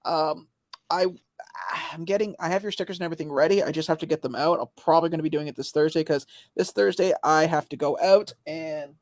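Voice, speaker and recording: A man's voice: a little high, fast, dry recording, studio quality. A man hosting a casual livestream chat, rambling with frequent restarts and easy laughter. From Canada. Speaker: livestream host.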